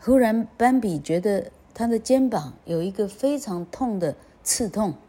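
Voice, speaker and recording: A woman host narrating a storybook slowly and gently, switching between two languages. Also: medium pitch, animated.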